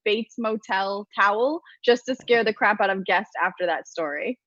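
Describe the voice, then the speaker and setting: A woman co-hosting, reading out viewer donations in halting casual chat, over dull lo-fi audio. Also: medium pitch, fairly bright tone. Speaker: co-host reading viewer tips. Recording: dull lo-fi audio with faint noise.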